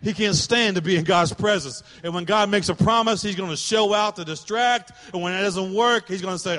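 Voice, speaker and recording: A man preaching a sermon as pastor, animated, acting out the voices of God and Pharaoh. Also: sits high, brisk, few pauses. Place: church sanctuary. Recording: church hall with long reverb.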